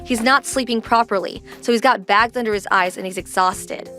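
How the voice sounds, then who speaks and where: Worried wife in an animated drama, pushing hard for answers. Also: female voice, fairly high pitch, normal speed, faint music behind. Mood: worried, insistent. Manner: confronting, insistent. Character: worried, protective young wife.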